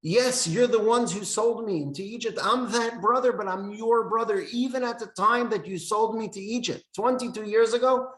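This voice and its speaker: A man voicing gentle biblical brother, reassuring. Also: high voice, normal speed, hardly any pauses, voice pushed up. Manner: warm, pleading, reassuring. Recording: echoey room.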